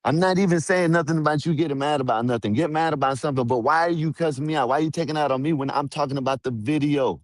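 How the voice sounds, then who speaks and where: A man's voice: on the high side, rapid-fire, few pauses, dry recording, clean studio sound. A man on a live stream panel, defending himself in a stammering, repetitive way. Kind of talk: heated argument on a live stream.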